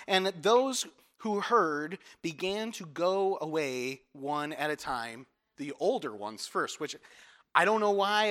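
A man preaching a conversational sermon, acting out little quotes and dropping to soft, intense tones for emphasis. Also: a little high. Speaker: pastor.

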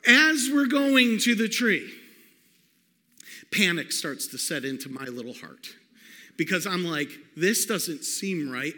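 A man preaching a sermon, telling a personal story in an animated way and calling out to the congregation. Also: sits high. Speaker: pastor. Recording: long hall reverb.

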